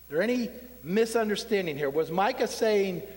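Preacher guy, chatty and wry, high voice, long echo in the hall. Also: lively intonation, moderate pace, darkish tone. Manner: conversational, wry, asking the congregation questions. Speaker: pastor. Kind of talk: sermon.

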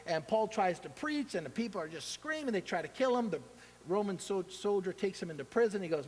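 A man preaching a sermon in an animated way, acting out the voices of the people he quotes. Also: high voice, a little fast. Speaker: pastor. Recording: long hall reverb.

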